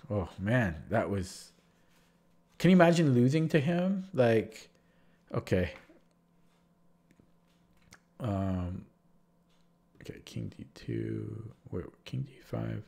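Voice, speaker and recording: A man's voice: on the low side, sing-song, slow pace, creaky, pauses often, a little mellow. A man with a sore throat, casually recapping his chess games on a livestream, rambling and restarting sentences as he retells what happened. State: sore throat, feeling sick.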